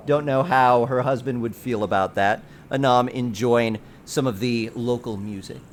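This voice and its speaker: A man narrating a tabletop game as game master, in a playful, lively way. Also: mid-range voice, normal speed, slight background noise.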